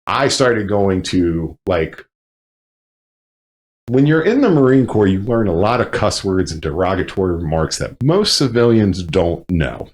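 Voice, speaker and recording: A man, a Marine veteran, telling stories in casual chat, profane and animated with loud bursts. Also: deep voice, unhurried. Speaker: podcast guest, Marine veteran.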